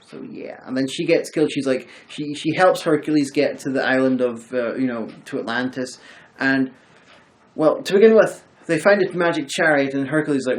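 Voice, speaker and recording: A man hosting a film review chat, retelling the plot in a rambling, animated way. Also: mid-range voice, normal speed, low-quality recording. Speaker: host of a film review show. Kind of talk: casual chat about a film.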